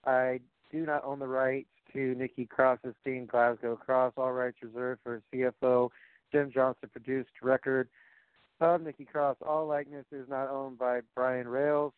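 A man hosts a loose, rambling chat show, full of fillers and jokes. His voice sits at a middle pitch. It comes through a thin, phone-like channel with a dry sound. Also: little pitch movement, measured pace, clear, resonant tone, no room sound. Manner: rambling, filler-heavy, jokey. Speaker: podcast host.

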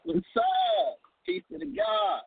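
Guy calling in, slangy and laughing, raspy high voice, phone line sound. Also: huge pitch swings, slow pace. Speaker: caller. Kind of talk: casual call-in chat. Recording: tinny phone line, dry.

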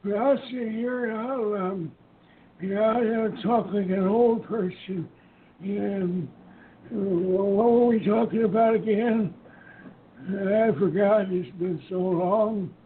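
A man's voice: sits high, fairly even intonation, slow pace, voice pushed up. Man putting on a forgetful old geezer. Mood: doddering. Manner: wavering, trailing off, losing his thread. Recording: tinny phone-line audio with faint noise.

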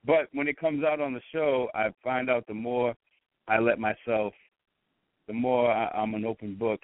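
A man with a Boston accent, a guest chatting casually in an interview, relaxed and rambling with frequent restarts. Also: medium pitch, moderate pace, no echo. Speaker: guest, radio show host. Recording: tinny phone-like line.

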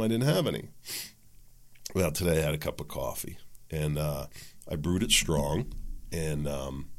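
A middle-aged man with a very low, gravelly voice chats through a solo podcast episode. He rambles frankly, stopping for ums and asides, and corrects himself as he goes. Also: fairly bright tone. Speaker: podcast host. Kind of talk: casual solo podcast monologue.

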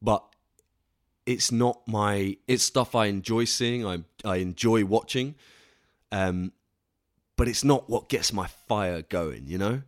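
A man's voice: on the low side, slow pace, no echo, studio quality. A young man hosting a solo podcast in a casual, rambling way, restarting often, swearing casually and putting himself down. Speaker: podcast host.

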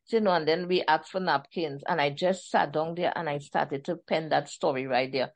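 A woman's voice: low-pitched, moderate pace. A woman from Trinidad and Tobago with a Trinidadian accent, an author chatting animatedly about her book in an interview. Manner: chatty, animated storyteller, laughs often. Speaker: author guest. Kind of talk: casual interview chat.

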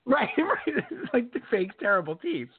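Animated high-voiced podcast host. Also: male voice, normal speed, phone-quality sound. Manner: animated, laughs often, breaks into mock British singing. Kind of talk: casual sports chat.

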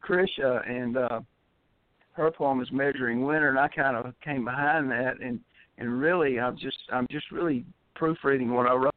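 A man's voice: mid-range voice, no room sound. Rambling upbeat man on a phone line. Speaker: poet and regular caller. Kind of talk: casual chat.

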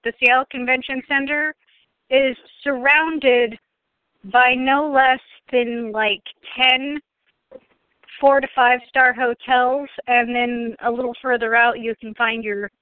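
A woman hosting a casual chat, pushing back hard and tripping over her own restarts. Her voice sits high. It comes through dry and tinny, like a phone line. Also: dry recording. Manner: argumentative, restarts a lot. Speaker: podcast host.

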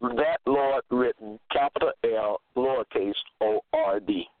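A man's voice: mid-range voice, a little slow, no echo. A man giving a sermon, reading and explaining verses, emphatic and repeating himself. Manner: emphatic, repeats phrases, spells out words. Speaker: preacher. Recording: tinny phone-line sound.

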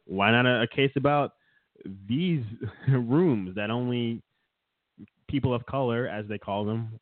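A man's voice: fairly low pitch, no echo. Sarcastic man on a tinny line. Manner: sarcastic, mocking, laughs often. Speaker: podcast co-host. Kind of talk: casual political chat. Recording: dry, tinny phone-like sound.

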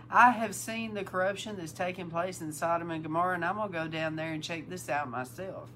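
A woman's voice: on the low side, a bit bright, a little hiss or hum. A woman hosting a talk, reading old-style scripture aloud and breaking in with amused, emphatic comments. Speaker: host and Bible teacher.

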